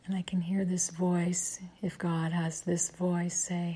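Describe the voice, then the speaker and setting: A woman around sixty hosting a guided meditation talk, speaking in a hushed, whispery, gentle way. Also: fairly low pitch, fairly even intonation, husky. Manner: gentle and unhurried, with drawn-out pauses. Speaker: meditation podcast host.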